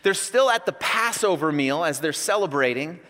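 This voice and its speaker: A man in his thirties delivers a sermon in a church hall, telling stories in an animated way and acting out shouts. His voice sits high and sounds bright and forceful. Long reverb from the hall hangs behind him. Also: moderate pace, faint music behind. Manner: storytelling, animated, acts out yelling. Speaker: pastor.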